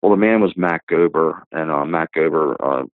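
Very deep-voiced man on a phone line. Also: moderate pace, no echo. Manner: rambling, many fillers and restarts. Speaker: guest giving a testimony. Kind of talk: casual spoken testimony. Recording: tinny phone-line sound, dry.

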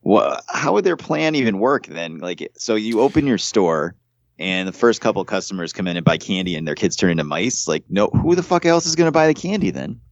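Blunt, lively low-voiced man. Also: brisk, no echo, highs cut off. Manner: blunt, profane, sarcastic. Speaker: podcast host. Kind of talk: casual movie review chat.

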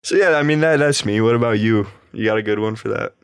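A man's voice: fairly low pitch, quick pace, clear, resonant tone, no echo. A young man telling crude stories in casual chat, rambling and filling his talk with "like" and "dude". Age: young adult.

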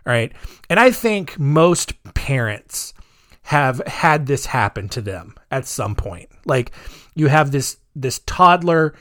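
A man in his thirties hosting a podcast, rambling in a chatty way with dark sarcastic humor. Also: mid-range voice, sing-song, takes it slowly, no echo, clean studio sound. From United States. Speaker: podcast host. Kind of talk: casual podcast monologue.

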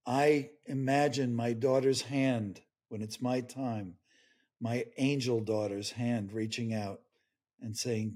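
A man's voice: medium pitch, steady tone, takes it slowly, a little mellow. An older man, a grief expert guest, speaking earnestly and tearfully in an interview. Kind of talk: emotional interview conversation.

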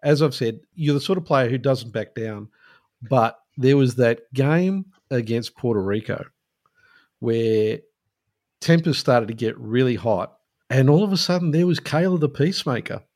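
A man co-host leads into a question in a measured, steady way, recalling a moment before he asks. His voice sits at a mid pitch. The sound is dry and close, with no room around it. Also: dry recording. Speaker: podcast co-host. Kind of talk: interview questions.

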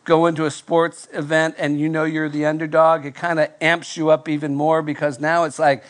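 A male pastor preaching to a live congregation, telling a self-deprecating story in a nasal, fairly monotone voice with halting restarts. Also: fairly high pitch. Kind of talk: sermon with personal story. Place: church before live congregation.

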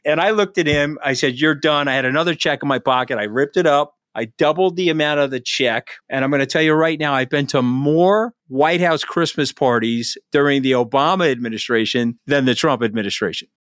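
A man's voice: mid-range voice, fairly quick, few pauses, a bit bright, no echo, clean studio sound. A man from the United States hosting a podcast, telling a story in a brash, emphatic way. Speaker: podcast host.

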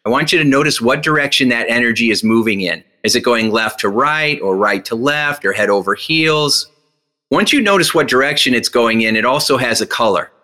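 A man guest, a hypnotist and speaker, telling lively stories and acting out what people said to him. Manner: energetic, acts out quoted dialogue with big pitch jumps; slow, guided instruction when teaching the breathing exercise. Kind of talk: animated storytelling in an interview.

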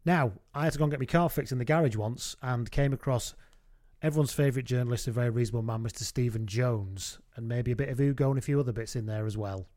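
A man, a podcast co-host telling a comic story in a deadpan way. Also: medium pitch, fast talker. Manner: deadpan anecdote with funny voices.

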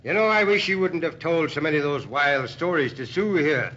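An actor playing a genial shipping office owner in a radio drama, from a dull old radio recording. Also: male voice, a little high, brisk, sharp tone, a little hiss or hum. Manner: genial, chuckling.

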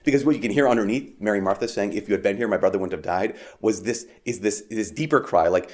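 A man's voice: lowish voice, quick pace, few pauses, darkish tone. Man preaching a casual Mass homily. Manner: conversational, frequent "like", restarts, emphatic rises.

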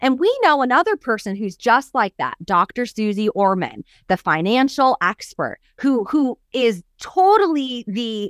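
A woman's voice: a little high, unhurried, few pauses, no room sound, clean studio sound. A woman co-hosting a coaching podcast, telling a story expressively and acting out the quoted voices. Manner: expressive, acts out quoted voices, emphatic lists. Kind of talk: animated storytelling chat.

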